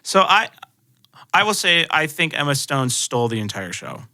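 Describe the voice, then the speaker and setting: A man's voice: on the high side, very animated, moderate pace, sharp tone, dry recording, studio quality. A young man co-hosting a podcast, agreeable and a little hesitant in casual chat. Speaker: podcast co-host. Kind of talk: casual movie review chat.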